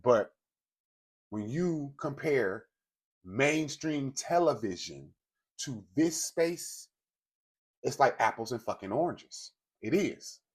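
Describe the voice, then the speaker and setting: A man's voice: medium pitch, expressive, takes it slowly, long pauses, husky. A man telling a gossip story straight to his viewers, in a casual, blunt and profane way. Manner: speaks directly to viewers. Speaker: commentary host. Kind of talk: casual celebrity gossip commentary.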